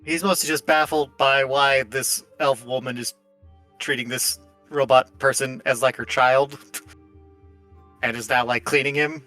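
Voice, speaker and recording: A man's voice: medium pitch, fairly even intonation, unhurried, pushed and bright, soft background music. A man narrating as game master in a casual tabletop game, wry and amused, with filler words.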